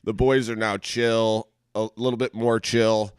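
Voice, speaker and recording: A man's voice: lowish voice, measured pace, smooth, no echo, clean studio sound. A man, co-hosting a casual podcast, telling a story with lots of laughter, swearing and acted-out quotes. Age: 40s. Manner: animated, profane, laughs often, acts out quotes. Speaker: podcast co-host.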